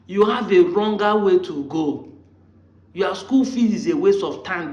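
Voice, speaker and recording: A Nigerian-accented man with a high voice argues combatively, hammering his critics with one rhetorical question after another. The sound is roomy and a little dull, like a lo-fi recording in an echoey space. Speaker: online commentator. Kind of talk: argumentative monologue.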